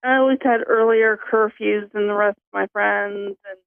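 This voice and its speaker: A woman's voice: medium pitch, steady tone, moderate pace, creaky, no echo. A woman in her thirties calling in to a radio show by phone, hesitant with short answers. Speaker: caller. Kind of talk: phone call-in conversation. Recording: tinny phone line, dry.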